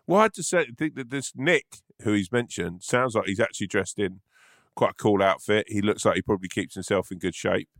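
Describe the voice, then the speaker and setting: Rambling man with a low voice. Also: fairly quick, no echo, clean studio sound. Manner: rambling, self-mocking, laughs often. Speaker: podcast co-host. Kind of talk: casual comedic chat.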